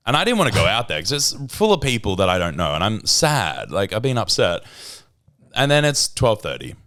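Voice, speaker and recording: This podcast co-host has a lowish voice and talks a little fast. In casual chat he tells stories with real animation, raising his voice whenever he acts out a quote.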